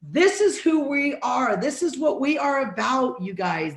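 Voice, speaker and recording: Middle-aged woman, a bit hoarse, high-ish voice, punchy preacher-like sales pitch, roomy echo. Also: animated, normal speed. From Texas. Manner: emphatic, repetitive, preacher-like. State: hoarse from allergies. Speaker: sales presenter. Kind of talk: motivational sales presentation.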